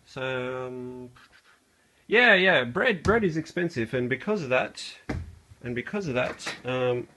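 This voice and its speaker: A young Australian vlogger cooks and chats in a small kitchen, his talk loose and packed with slang and fillers. The voice is medium in pitch, animated yet slow, with a sharp tone and a little hiss or hum.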